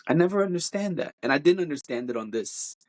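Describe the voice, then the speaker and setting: A podcast co-host in casual, animated chat, teasing and opinionated. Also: quick pace. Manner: animated, jumps pitch to mimic singers.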